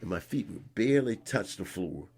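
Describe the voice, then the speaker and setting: A man in his sixties from North Carolina, a guest in a conversation, telling a story in an animated way and re-enacting scenes with rising emphasis. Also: lowish voice, normal speed, creaky, a crowd in the background. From North Carolina, USA. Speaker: interview guest.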